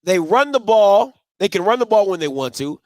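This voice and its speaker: A man's voice: high voice, big pitch swings, normal speed, a little mellow, no room sound, clean studio sound. A man hosting a postgame sports talk show, emphatic and repetitive as he argues his point. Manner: emphatic, repeats himself, breaks into laughing fits.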